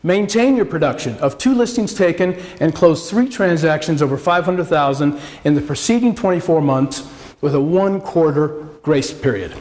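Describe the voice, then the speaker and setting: A man giving a scripted corporate presentation, laying out requirements with upbeat, gently joking asides. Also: fairly high pitch, lively intonation, normal speed.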